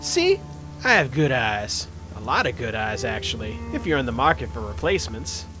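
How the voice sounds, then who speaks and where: A man's voice: medium pitch, sing-song, normal speed, over music, close to an everyday voice. A man doing a chatty cheerful orc surgeon. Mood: eager. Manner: friendly, eager, joking.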